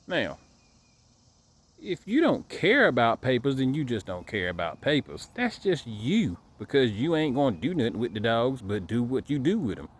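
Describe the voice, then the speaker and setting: A man's voice: mid-range voice, very animated, normal speed, slightly rough. A man giving a casual ranting monologue to camera, emphatic and repetitive, stumbling over repeated words. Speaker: dog breeder vlogger.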